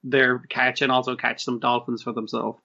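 A man co-hosting a casual recap chat, talking loosely, swearing and retelling scenes with quick voiced asides. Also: medium pitch, little pitch movement, gravelly, sharp tone, lo-fi sound. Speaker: podcast co-host.

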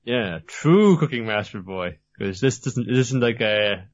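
A man's voice: lowish voice, animated, unhurried. A man chatting on a podcast, hesitant and thinking aloud. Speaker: podcast co-host. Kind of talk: casual chat. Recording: muffled lo-fi audio.

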